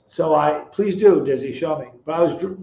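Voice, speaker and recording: A middle-aged man hosting a live stream, reading chat comments aloud, teasing viewers by name and telling stories in a relaxed, chatty way. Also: fairly high pitch, normal speed, vocal fry, dull audio. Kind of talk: casual chat.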